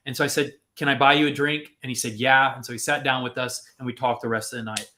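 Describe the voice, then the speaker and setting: Bright, animated man telling a story. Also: mid-range voice, fast talker, few pauses. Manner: animated, acts out quotes with lots of fillers. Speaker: podcast host. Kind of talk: casual storytelling.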